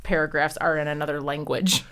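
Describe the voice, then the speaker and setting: A woman co-hosting a casual podcast chat, playful and quick to laugh. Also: deep voice, level tone, fairly bright tone, a little hiss or hum. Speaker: podcast co-host. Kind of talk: casual chat and reading a beer label aloud.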